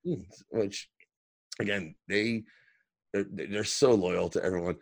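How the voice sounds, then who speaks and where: A man co-hosting a podcast, recapping a TV episode in casual, profane, animated chat. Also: on the low side, slow pace, creaky, dry recording. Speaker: podcast co-host.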